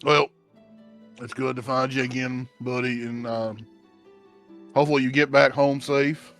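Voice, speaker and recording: A man's voice: mid-range voice, flat delivery, unhurried, a bit bright, soft background music. Man playing a teasing, crude half-orc.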